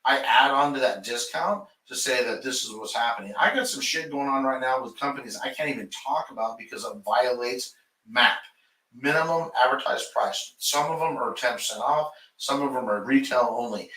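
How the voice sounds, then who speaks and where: Brief: fired-up shop owner, swears a lot, bright forceful voice, roomy garage sound, a little off-mic. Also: male voice, medium pitch, normal speed, distant mic. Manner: heated, profane, ranting. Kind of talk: casual podcast chat.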